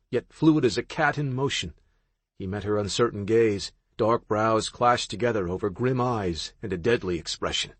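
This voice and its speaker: A male narrator reading romance fiction in a measured, expressive way. His voice is low and a touch husky. The recording is dry and close. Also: dry recording. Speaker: audiobook narrator. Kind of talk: scripted romance novel narration.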